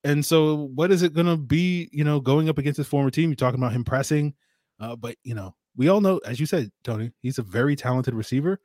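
A man's voice: fairly high pitch, fast talker, a little mellow, no room sound, studio quality. A man guest on a sports podcast, talking football in a conversational way with lots of hedging. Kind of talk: casual sports analysis talk.

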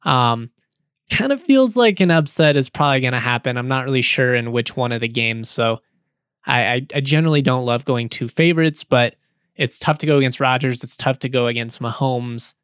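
A man hosting a sports podcast, talking in a relaxed, chatty way with fillers and small chuckles. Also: mid-range voice, normal speed, clear, resonant tone, dry recording, clean studio sound. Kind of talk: casual podcast talk and read ad.

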